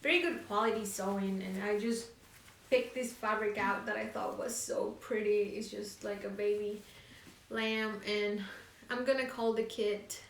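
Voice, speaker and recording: A woman's voice: medium pitch, steady tone, unhurried. A woman co-hosting a casual knitting chat show, talking in a rambling, filler-heavy way. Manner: chatty, rambling, many fillers. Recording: echoey room, distant mic.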